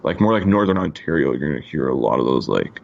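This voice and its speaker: A man's voice: very deep voice, expressive, quick pace, vocal fry, muffled recording. A man from Canada co-hosting a podcast, chatting in a laid-back, profane way full of fillers. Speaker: podcast co-host. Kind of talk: casual chat.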